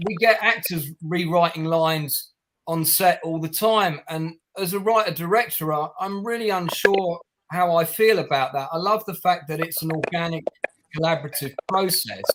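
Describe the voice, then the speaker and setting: A man who hosts the chat as a writer-director, speaking hesitantly with many restarts. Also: on the high side. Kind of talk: casual chat. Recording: noisy background.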